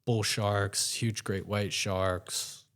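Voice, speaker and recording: A man with an American accent talks as a guest on a podcast, in a casual storytelling manner that wanders and restarts. His voice sits somewhat low. He fills pauses with loose, easygoing asides. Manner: relaxed, rambling, many fillers and restarts.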